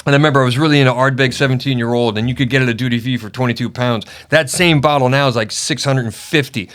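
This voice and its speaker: A man's voice: medium pitch, fairly even intonation, quick pace, fairly bright tone. A man from the United States telling rambling stories in a casual pub chat, full of fillers. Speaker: podcast guest.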